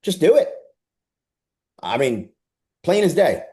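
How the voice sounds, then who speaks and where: A man voicing a brash, cursing male sales trainer with a deliberately rough put-on Australian accent, loud and dismissive. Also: a little high, very animated, pitched above the performer's own voice.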